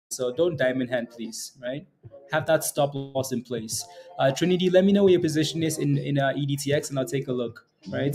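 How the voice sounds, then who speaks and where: A man's voice: a little high, a little mellow. A man hosting a live day-trading stream, chatting and joking over stock charts and tagging "right?" onto many lines. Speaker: day trading livestream host.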